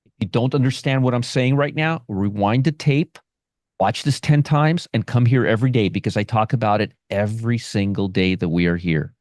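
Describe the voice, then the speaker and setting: A man's voice: fairly low pitch, moderate pace, darkish tone, dry recording, studio quality. A man hosting a live stream on options trading, brash and sarcastic, answering viewers from the chat by name.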